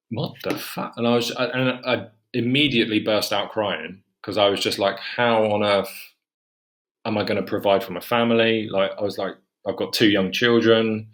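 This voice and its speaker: A young man with a lowish voice recounts a difficult episode from his life. He keeps backing up to correct himself and tells it candidly as a podcast guest. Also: fairly bright tone. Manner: rambling, self-correcting, emotional retelling. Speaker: guest author. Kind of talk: candid personal storytelling.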